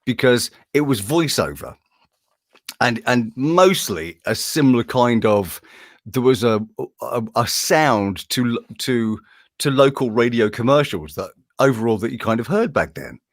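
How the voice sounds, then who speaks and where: A man's voice: mid-range voice, a little slow, dry recording. A man, a voice-over artist, telling anecdotes in a casual interview and often laughing. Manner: animated, jumps into impressions, laughs often.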